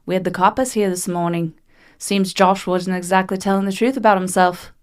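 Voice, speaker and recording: A man's voice: high voice, fairly even intonation, fairly quick, lightly acted. A woman doing a blunt, boozy aging club owner. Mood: gruff. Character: hard-drinking aging male club owner, gruff.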